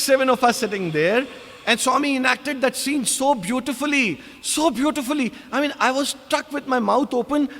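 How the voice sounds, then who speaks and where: A man's voice: very high voice, in a large hall. A man with an Indian English accent, animatedly telling devotional memories to an audience at an ashram. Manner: animated, acts out quoted exchanges. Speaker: speaker sharing devotional memories. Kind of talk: devotional storytelling talk. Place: ashram hall.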